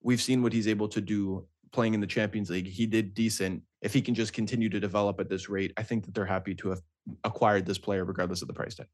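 A man's voice: on the low side, steady tone, fast talker. A man co-hosting a casual football podcast, making his case and checking in with "right?" over and over. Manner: argumentative, keeps asking "right?". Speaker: podcast co-host.

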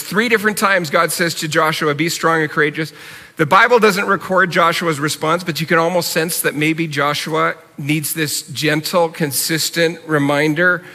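An earnest man preaching in a conversational way, his slightly high voice bright and forceful. His delivery stays fairly flat in pitch, and long reverb trails off every phrase in the church sanctuary. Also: moderate pace. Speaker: pastor. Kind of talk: sermon.

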